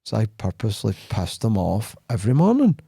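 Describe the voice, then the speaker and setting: A man's voice: fairly low pitch, a little fast, creaky, slightly rough, no echo, clean studio sound. A man hosting a podcast in casual chat, telling stories bluntly and acting out the dialogue. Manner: animated storytelling, acting out quoted dialogue; blunt, plain-spoken. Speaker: podcast host.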